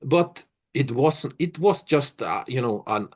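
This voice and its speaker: In an interview, a middle-aged musician from Norway speaks at medium pitch with lively intonation. His answers are reflective but halting, full of restarts.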